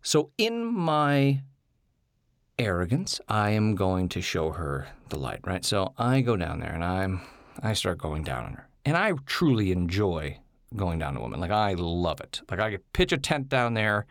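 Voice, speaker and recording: A man's voice: deep voice, sing-song, unhurried, no echo, clean studio sound. A man on a podcast telling a candid personal story in a casual, digressive way, turning playfully defensive when he is corrected.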